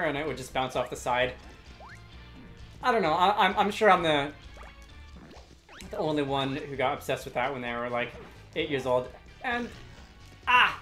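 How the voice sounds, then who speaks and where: Brief: rambling, casual gameplay commentator with soft game music under. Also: medium pitch, expressive, measured pace, pauses often. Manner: rambling, chatty, self-deprecating. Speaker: let's play commentator.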